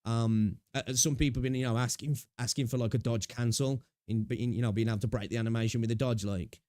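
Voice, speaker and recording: A man's voice: mid-range voice, fairly even intonation, fast talker, a little mellow, no echo, studio quality. A man streaming and reacting to a clip, rambling casually with many fillers and the odd swear.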